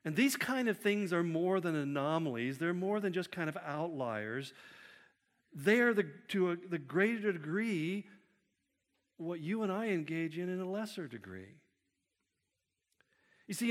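A man preaching a sermon, with an animated delivery that acts out quotes by shifting his pitch and loudness. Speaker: pastor. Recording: long hall reverb.

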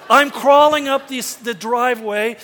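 Folksy bright-voiced preacher in a hall. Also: male voice, very high voice, a little slow. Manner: folksy, self-deprecating storyteller. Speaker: pastor. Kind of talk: sermon with personal stories. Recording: long hall reverb.

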